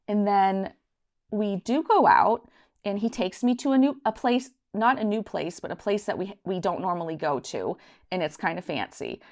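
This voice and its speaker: A woman's voice: lowish voice, vocal fry. A woman vlogger telling a casual story time to her viewers, chatty and rambling, acting out the voices in her anecdote. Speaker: budgeting channel host.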